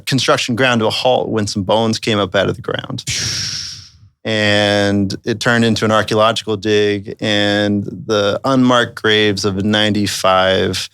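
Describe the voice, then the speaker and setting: Podcast guest, male, grew up in rural Texas; measured, earnest storyteller, low voice, dry close mic. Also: fairly bright tone, clear, resonant tone, dry recording. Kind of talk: reflective conversational storytelling.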